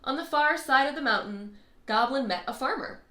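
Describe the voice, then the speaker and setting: Bright woman reading a bedtime story. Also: on the high side, animated, moderate pace. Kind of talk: read-aloud storybook narration. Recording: echoey room.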